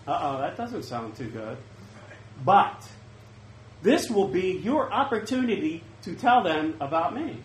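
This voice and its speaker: A man preaching a sermon, swinging from loud bursts to hushed asides. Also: sits high, roomy sound, poor audio.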